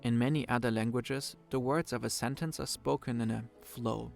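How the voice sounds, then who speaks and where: A man from Germany with a German accent, narrating a scripted explainer in a clear, measured way. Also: mid-range voice, steady tone, darkish tone, soft background music.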